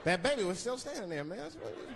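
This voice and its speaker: A man with a fairly high voice doing a stand-up set, telling a profane story and acting out little asides. The live club recording carries loud crowd noise and laughter right behind him. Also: very animated, rapid-fire, long reverb tail. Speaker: stand-up comedian. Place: comedy club stage. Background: audience laughter and chatter.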